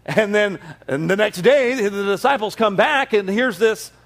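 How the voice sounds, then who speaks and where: A middle-aged man preaches a sermon, reading scripture and then retelling it with animated storytelling. His voice sits a little high for a man. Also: measured pace. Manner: animated storytelling, acts out the disciples in a high excited voice. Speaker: pastor.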